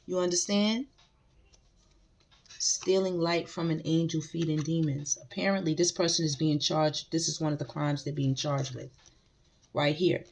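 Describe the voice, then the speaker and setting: A woman's voice: low-pitched, steady tone, moderate pace, creaky. A woman giving a casual spiritual tarot reading, speaking emphatically to her viewers and often repeating phrases. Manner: emphatic, repeats phrases, addresses the collective directly. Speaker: tarot reader.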